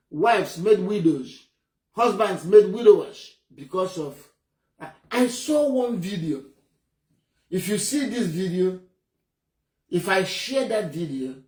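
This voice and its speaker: With a high voice and Nigerian English accent, this man from Enugu State, Nigeria, gives indignant, emphatic, and blunt political commentary. The recording carries a roomy echo.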